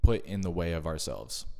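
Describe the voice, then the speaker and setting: A video creator gives a casual, thoughtful summary of books he listened to, measured in tone and adding personal asides. His voice sits low with a darkish tone, trailed by a long reverb.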